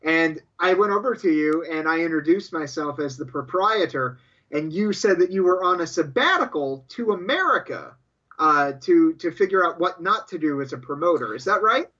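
A man co-hosts a casual podcast, stumbling over repeated words while spinning jokey tall tales. His voice is bright and tense, with a somewhat high pitch. The sound is dull and lo-fi. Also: animated, normal speed. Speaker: podcast co-host. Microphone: headphones and studio mic.

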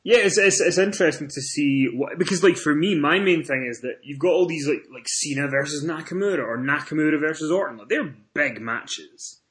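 A man co-hosting a wrestling chat show, voice sitting a little high for a man. He tells his stories with energy, jumping up in pitch and volume whenever he gets worked up. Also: brisk, hardly any pauses. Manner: animated storytelling, rises in pitch and volume when excited. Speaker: podcast co-host.

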